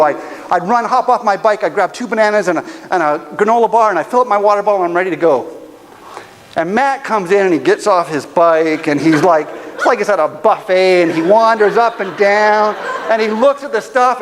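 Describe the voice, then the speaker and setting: A man preaching a sermon, telling a personal story in an animated, humorous way. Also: high voice, in a large hall, rough recording. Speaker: pastor. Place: church auditorium.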